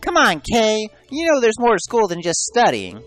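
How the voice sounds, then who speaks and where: A man's voice: high-pitched, huge pitch swings, normal speed, fairly bright tone, no room sound, faint music behind, voice pushed up, full character voice. A man doing a teasing young schoolboy. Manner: teasing, wildly swinging delivery.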